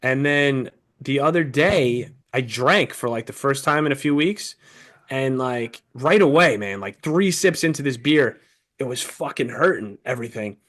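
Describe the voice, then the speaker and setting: A male podcast co-host talks at a slightly slow pace in a mid-range voice. In a casual chat he's a little breathless and profane, telling stories and animatedly performing what people said.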